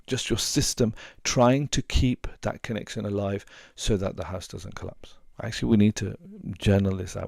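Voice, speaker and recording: A man's voice: lowish voice, normal speed, gravelly, hardly any pauses, darkish tone, dry recording, clean studio sound. A man who works as a relationship coach and hypnotherapist, giving earnest advice and repeating words for emphasis. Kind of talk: advice talk to camera.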